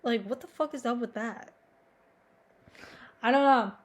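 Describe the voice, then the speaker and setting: Young woman, slightly high voice, rambling confessional vlog, flat and self-deprecating, lots of fillers. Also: unhurried. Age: young adult. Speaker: vlogger. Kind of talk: confessional monologue.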